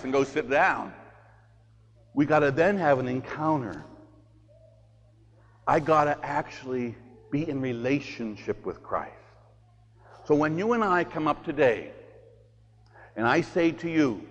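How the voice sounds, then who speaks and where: A man, a priest, preaching a sermon in an animated way, moving from loud urging to hushed, quiet passages. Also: fairly high pitch, long reverb tail. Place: church.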